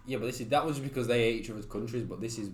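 Fast-talking blunt man. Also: medium pitch. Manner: blunt, sweary, quick to interrupt. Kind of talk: casual football chat. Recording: echoey room with faint background noise.

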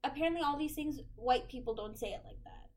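High-voiced chatty young woman. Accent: American. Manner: animated, filler-heavy, quick to laugh. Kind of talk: casual chat.

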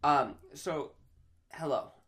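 A man co-hosting a casual podcast who teases his partner, laughs often and throws in quick remarks. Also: fairly high pitch, fairly bright tone. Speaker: podcast co-host. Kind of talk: casual chat.

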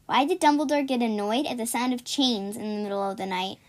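A woman's voice: fairly high pitch, fast talker, darkish tone. A young woman co-hosting a casual podcast, reading jokes aloud and explaining the punchlines with lots of giggling. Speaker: podcast co-host.

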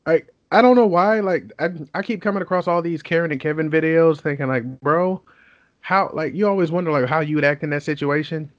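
A man's voice: on the high side, fairly quick, no room sound, dull audio. A man hosting a podcast in casual chat, rambling with lots of fillers and swearing. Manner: rambling, filler-heavy, profane. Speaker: podcast host.

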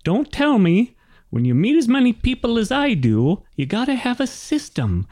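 A man's voice: extremely high pitch, wildly swooping pitch, normal speed, a little mellow, voice pushed up, full character voice. A man voicing a senile, oblivious old male gnome wagon master who rambles cheerfully. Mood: cheery.

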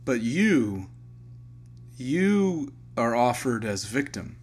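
Podcast co-host, earnest and reflective, everyday conversational delivery. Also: male voice, mid-range voice, very animated, very slow, husky. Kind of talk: casual chat.

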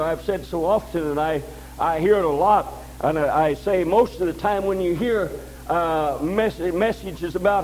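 A man's voice: a little high, unhurried, a little mellow, slight background noise, low-quality recording. An older man preaching a sermon in a folksy way, repeating phrases and checking in with his listeners. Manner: folksy, repeats phrases, asks "all right?".

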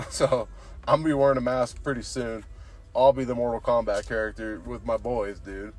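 Young man, podcast host, casual storytelling, profane, says "dude" constantly, mid-pitched voice. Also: fairly even intonation, normal speed.

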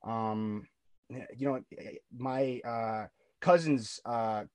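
A young man in his twenties, a musician guesting in a casual interview, talks loosely with lots of swearing, fillers and restarts. His medium-pitched voice is steady, slow and darkish, with a clean tone and no room sound.

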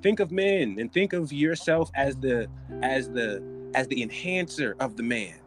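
A man hosts a casual podcast, riffing in an animated, profane and joking way with frequent restarts. His voice sits in an ordinary middle pitch. Music plays clearly underneath him. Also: measured pace. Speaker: podcast host. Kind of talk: casual comedic podcast chat.

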